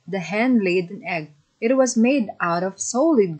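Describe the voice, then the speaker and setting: A woman narrating a children's fairy tale in a slow, simple storybook manner. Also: mid-range voice, lively intonation, darkish tone, breathy edge, rough recording.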